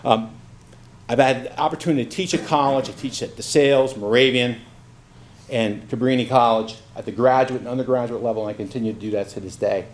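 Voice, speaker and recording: A man's voice: mid-range voice, a little fast. A man in his fifties, raised in Brooklyn, gives a folksy campaign speech at a candidates' forum. He mixes self-deprecating stories with his résumé. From Brooklyn, New York. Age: 50s. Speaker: judicial candidate.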